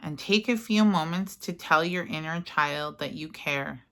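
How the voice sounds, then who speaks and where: A woman leading a guided mirror-work lesson, speaking gentle, soothing affirmations. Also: low voice, measured pace. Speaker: self-help guide.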